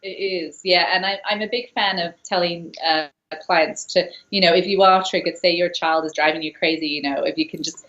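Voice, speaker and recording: A woman's voice: fairly low pitch, steady tone, moderate pace, a bit bright. A woman coach, a guest on the show, explaining her technique in an earnest, explanatory way with frequent restarts. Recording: roomy, dull lo-fi call audio.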